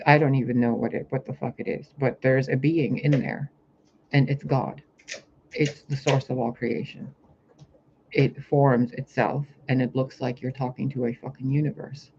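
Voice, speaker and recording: Male spiritual vlogger, gravelly and intense, rambling and profane; dull lo-fi camera audio with a faint hiss. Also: medium pitch, a little mellow. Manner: rambling, intense, swears often. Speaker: spiritual reader. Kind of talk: vlog monologue about a vision. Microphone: camera mic, talking to camera.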